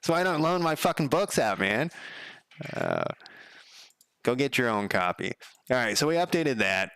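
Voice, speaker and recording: A man's voice: mid-range voice, huge pitch swings, normal speed, a bit bright, smooth, dry recording. A man live-streaming while he codes a game, chatting casually in a rambling, profane way and counting under his breath. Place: home room.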